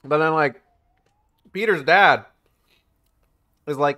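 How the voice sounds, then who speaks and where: A young man chats through a game stream, rambling and swearing as he retells a story with lots of energy. His voice is mid-pitched and close to a desk mic. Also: measured pace. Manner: rambling, profane, animated retelling. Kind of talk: casual game stream commentary.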